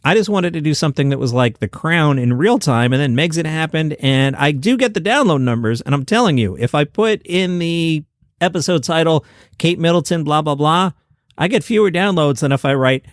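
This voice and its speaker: A man's voice: fairly high pitch, lively intonation, normal speed, no room sound, clean studio sound. A man hosting a comedy news podcast, talking casually and chattily in a solo show from a table by his laptop. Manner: chatty, conversational retelling of stories. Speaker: podcast host. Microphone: desk mic next to a laptop.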